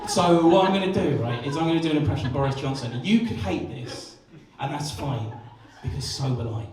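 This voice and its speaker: Young male stand-up, high-pitched, self-mocking and sweary, rambling through restarts, mic caught from across a noisy, echoing club. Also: animated, brisk, crowd noise. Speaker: stand-up comedian. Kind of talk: live stand-up set. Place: comedy club stage. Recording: echoey club room, distant mic, audience noise.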